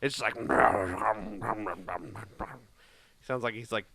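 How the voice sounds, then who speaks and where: A man's voice: fairly high pitch, sing-song, moderate pace, crowd noise. A man co-hosting a casual fan podcast, joking and laughing often. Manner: jokey, laughs often, does silly voices. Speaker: podcast co-host. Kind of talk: casual chat.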